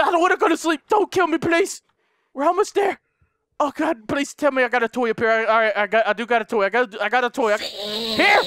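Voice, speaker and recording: A young man with a high, bright, ringing voice, talking through a game in a frantic rush. He yells, swears and laughs at what happens on screen, then drops into low muttering while planning his next move. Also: brisk, dry recording. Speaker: gaming YouTuber. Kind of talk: let's play commentary.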